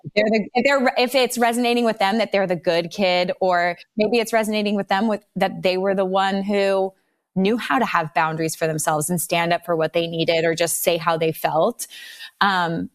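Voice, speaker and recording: A woman's voice: mid-range voice, steady tone, moderate pace. A woman in her thirties hosting a podcast, talking casually and thinking aloud with many fillers. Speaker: podcast host.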